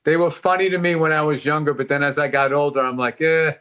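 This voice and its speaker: A man's voice: on the high side, fast, sharp tone. A middle-aged man on a casual podcast, talking reflectively and candidly, swearing now and then. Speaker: podcast host.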